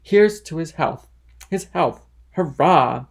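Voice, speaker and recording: Man doing drunken, loud Caderousse. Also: on the high side, animated, slow pace, creaky, husky, pitched above the performer's own voice, heavily acted. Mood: drunken toasting. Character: drunken man protesting loyalty to a friend.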